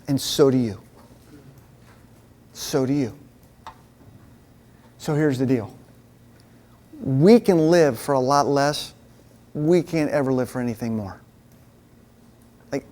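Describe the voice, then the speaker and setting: A man giving a casual storytelling sermon to a men's group, chatty and lively, dropping to a hushed voice at times. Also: mid-range voice. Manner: animated, chatty storyteller who drops to a hushed voice. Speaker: men's ministry speaker. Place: meeting room with a live audience.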